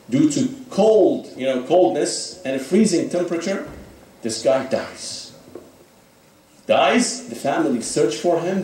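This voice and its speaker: A man's voice: on the high side, a little mellow, a little hiss or hum. A man preaching a sermon, telling a story dramatically with frequent "you know" fillers. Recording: echoey hall, speaker far from mic.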